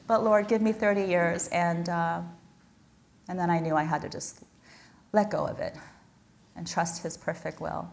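A woman's voice: fairly low pitch, fairly even intonation, normal speed, vocal fry. A woman giving a personal, earnest sermon, reading scripture and telling her own story with touches of self-deprecating humor. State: blind.

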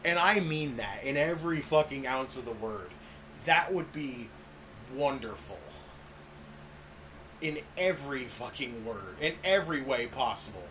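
A man's voice: medium pitch, lively intonation, measured pace, pushed and bright, slight background noise. A man co-hosting a casual wrestling podcast, swearing freely and laughing often. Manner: profane, enthusiastic, laughs often. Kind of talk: casual chat.

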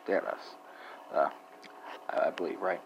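A man with a very low voice walks listeners through a language lesson, stopping often on "uh" and tacking "right?" onto his points. A faint hum of room noise sits under him. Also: dull audio. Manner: halting, many "uh" fillers, keeps asking "right?". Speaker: language podcast host. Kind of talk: unscripted language lesson monologue.

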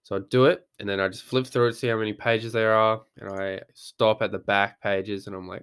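A man's voice: on the low side, little pitch movement, brisk, hardly any pauses, fairly bright tone, clear, resonant tone. A young man, talking casually as a podcast host, rambling and swearing freely as he acts out his own thoughts. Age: young adult. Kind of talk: casual monologue.

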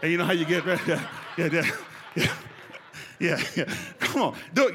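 A man, preaching a sermon with call-and-response and building to shouts. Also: a little high, expressive, moderate pace, slight background noise. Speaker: pastor. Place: large church hall. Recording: reverberant church hall.

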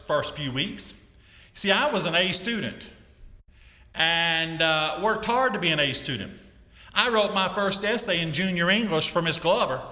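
Emphatic man in an echoing hall. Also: on the high side. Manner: emphatic, animated storytelling. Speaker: school teacher giving a testimony. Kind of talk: storytelling testimony. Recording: echoey hall with long reverb.

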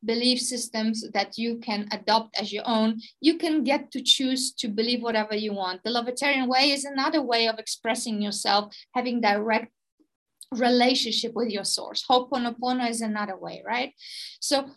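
A woman hosting a podcast, talking through spiritual ideas with emphatic, expressive stresses. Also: on the high side, moderate pace, poor audio. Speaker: podcast host, spiritual teacher. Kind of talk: conversational spiritual teaching.

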